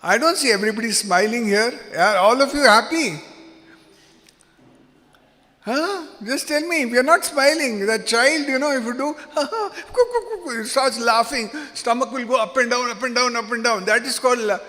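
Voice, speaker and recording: A man leading an interactive workshop, quizzing the audience and joking in an animated way. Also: very high voice, moderate pace. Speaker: workshop facilitator. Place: seminar hall. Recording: long hall reverb.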